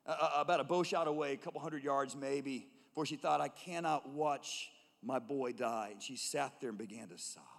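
An animated male preacher with a fairly high voice, delivering a sermon in a large church auditorium. He swings between loud, emphatic calls and hushed, low tones. A long reverb from the hall trails behind his words. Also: creaky. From United States. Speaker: pastor.

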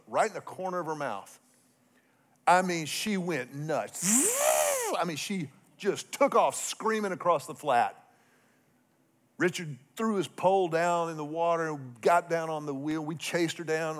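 A middle-aged pastor preaches a sermon, telling a humorous story with animated swings between loud and soft. His pitch is fairly high.

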